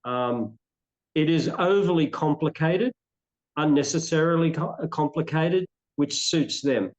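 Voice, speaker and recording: A man's voice: on the high side, unhurried, poor audio. An Australian man giving opinionated answers in an interview, rambling and restarting his sentences often. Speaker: interview guest. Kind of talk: conversational interview.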